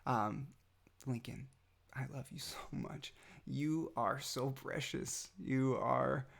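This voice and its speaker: A father speaking a heartfelt message to his toddler son, tender and halting, with many pauses and fillers, sometimes dropping almost to a whisper. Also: a little high, gravelly.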